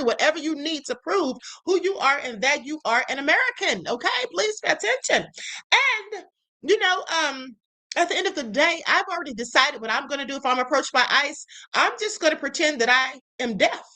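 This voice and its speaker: Sassy high-voiced woman livestream host. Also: expressive, fairly quick, bright, forceful tone. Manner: sassy, talks to viewers as honey and baby. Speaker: livestream host reacting to clips. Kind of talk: casual commentary.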